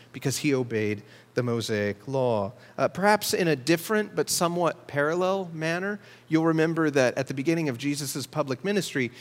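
Male pastor, fairly high voice, measured teaching delivery, church sanctuary with long reverb. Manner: measured teaching, slows to stress key words. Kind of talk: sermon.

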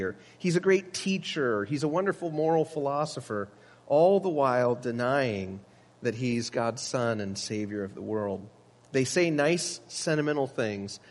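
A man's voice: fairly high pitch, big-room sound. A man preaching a sermon as pastor, earnest and emphatic, with teaching asides to the congregation.

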